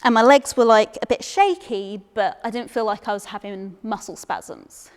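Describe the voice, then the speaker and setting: On a theatre stage, a young English woman performs solo, telling a comic personal story in a voice on the high side at a moderate pace, echoing through a large hall. She's chatty and self-deprecating and often stumbles over repeated words.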